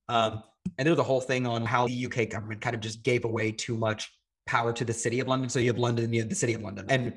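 A man from the United States speaks as a podcast guest in quick, tumbling sentences. His voice is husky, and his talk is loose and full of filler words. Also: mid-range voice. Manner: fast, rambling, frequent "like" fillers. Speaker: podcast guest, data engineer. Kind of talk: casual interview chat.

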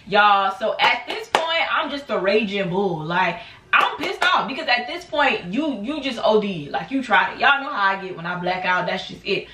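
A woman in her twenties telling a casual storytime on her channel, acting out quotes in animated bursts. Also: mid-range voice, moderate pace, noisy background. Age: 20s. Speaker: vlogger. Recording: echoey room, mic at a distance.

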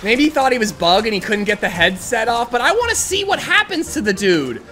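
A man giving gameplay commentary, excitable and ranting with frequent swearing. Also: very high-pitched, a little fast, soft background music. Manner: excitable, swears freely, rants in frustration. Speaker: gaming video creator.

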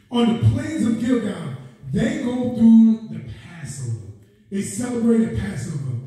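A man preaches in an impassioned, repetitive cadence, crying out "oh God" between lines and climbing to shouted peaks. His voice sits very high for a man. The sound is picked up from far off and rings with heavy church echo. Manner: exclaims "oh God" between phrases. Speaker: guest preacher. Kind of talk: sermon. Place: church sanctuary.

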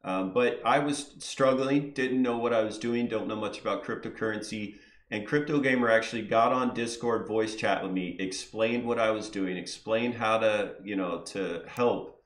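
Upbeat podcast host, roomy sound. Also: male voice, on the low side, moderate pace. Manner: upbeat, laughs a lot. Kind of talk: casual live podcast interview.

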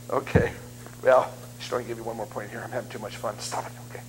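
A man in his fifties preaching as a guest speaker, telling funny stories in an animated, self-deprecating way. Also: medium pitch, a little fast, slight background noise, poor audio. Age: 50s. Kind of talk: humorous sermon storytelling. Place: church sanctuary.

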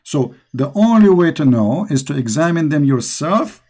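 A man's voice: on the high side, expressive, normal speed, warm tone, breathy edge. A man with an Arabic accent, hosting a call-in religious show and preaching with passion. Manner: impassioned, preaching. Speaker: host.

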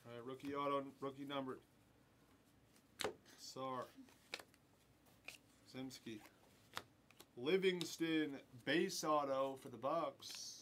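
A man's voice: mid-range voice, fairly even intonation, takes it slowly, pauses often. A man hosting a live card break, rattling off player names and chatting with viewers as he opens packs. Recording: noisy room with crinkling packs.

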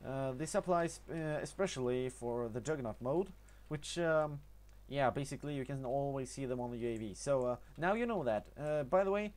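A young man with a Norwegian accent talking over gameplay in a casual tutorial, halting often with fillers and restarts. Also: mid-range voice, darkish tone. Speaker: gaming tutorial narrator.

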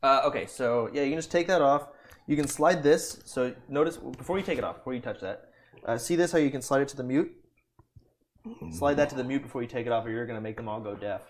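A man's voice: mid-range voice, quick pace, slight background noise. A young man streaming from his home kitchen, chatting casually and loosely, with some swearing, while cooking and calling his dogs.

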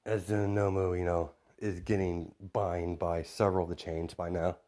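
A man's voice: low-pitched, flat delivery, normal speed, dark tone. A man casually retelling a fan story, rambling with many fillers and restarts.

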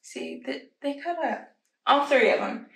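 A woman with a high, bright voice that swings all over the place chats through her haul, giggling often and trailing off into little asides to her pets. Her voice has a gravelly edge. The sound is roomy, and she is heard from a bit away from the camera mic at home. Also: expressive, unhurried. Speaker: vlogger. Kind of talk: casual haul chat to camera. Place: at home, indoors. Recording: roomy, slightly distant home audio.

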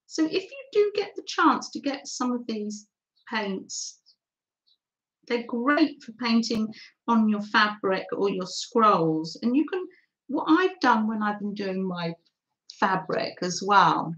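Slow, lilting woman hosting a craft stream. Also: mid-range voice, lively intonation, a bit bright, lo-fi sound. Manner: chatty, thinks aloud while working; reads out and thanks viewers' comments. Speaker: craft livestream host. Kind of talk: live mixed-media art demo.

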